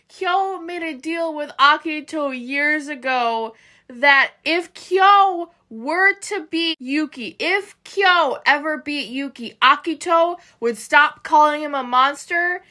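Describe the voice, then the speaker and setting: A young woman reacting to an anime, gushing and swinging between outrage and tearful excitement, with some swearing. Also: high-pitched, slow. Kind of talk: emotional reaction vlog.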